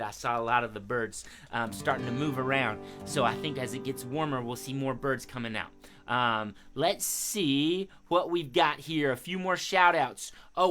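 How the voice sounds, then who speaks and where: A man hosting a live children's music show, chatting casually and giving shout-outs to young viewers. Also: mid-range voice. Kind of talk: casual live-stream chat for kids.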